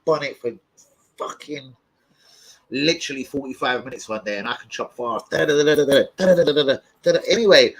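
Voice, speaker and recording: A young man with a husky, medium-pitched voice talks briskly on a rough recording. He hosts a football fan channel and, in casual chat, tells rowdy stories loudly and animatedly, swearing often and yelping and laughing along the way.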